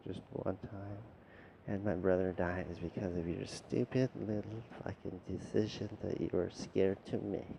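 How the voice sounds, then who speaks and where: A man's voice: low-pitched, steady tone, normal speed, gravelly, dark tone, a little hiss or hum. A man delivering a rambling, profane, lecturing monologue straight at the listener. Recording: dull lo-fi recording with faint ambience.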